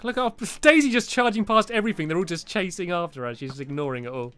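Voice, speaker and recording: A woman's voice: lowish voice, expressive, quick pace, fairly bright tone, soft background music. A woman playing a video game with a friend, chatting casually and giggling often. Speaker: gamer. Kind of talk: casual let's-play chat.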